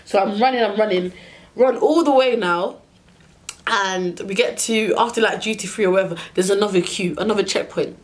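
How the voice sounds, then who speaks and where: A young woman telling a storytime rant to her vlog audience, exasperated and animated, acting out the people she argued with. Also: medium pitch, normal speed. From United Kingdom. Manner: exasperated, animated retelling with acted-out dialogue. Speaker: vlogger.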